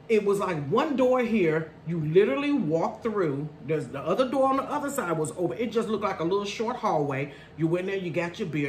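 A middle-aged woman vlogger tells a story in a casual, lively way, laughing often and calling her viewers y'all and honey. Her voice is on the low side, with slight background noise.

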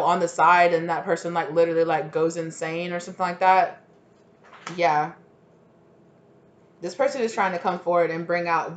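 A woman's voice: fairly low pitch, a little hiss or hum. A woman giving a casual tarot reading, rambling with lots of "like" and sudden exclamations. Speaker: tarot reader.

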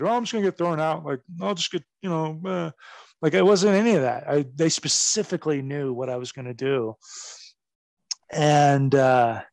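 A man's voice: mid-range voice, a little mellow, dry recording. A man in his forties, a former wrestler, telling stories in a casual interview. His speech is rambling and profane, and it is full of fillers.

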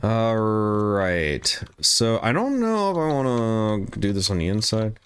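A man's voice: fairly low pitch, wildly swooping pitch, slow, hardly any pauses, clear, resonant tone. A man streaming a game live, chatting casually, laughing often and greeting viewers.

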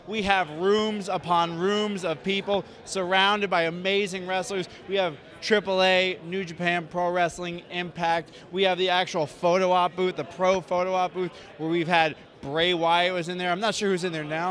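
A man's voice: high-pitched, a bit bright. A man hosting a casual tour of a busy indoor convention floor, joking and bantering with fans, recorded on a mic on a crew member's camera. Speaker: host. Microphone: mic on a camera carried by a crew member.

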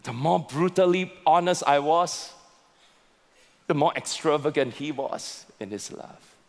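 A male pastor preaching a sermon with slow, emphatic delivery and repeated words. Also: on the high side, gravelly. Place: large church auditorium. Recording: long reverb of a large hall.

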